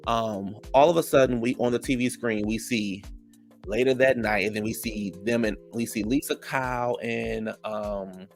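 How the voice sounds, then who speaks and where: A man's voice: mid-range voice, gravelly. A man recapping a reality TV episode in casual, sassy and profane gossip, full of fillers. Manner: animated, with many fillers.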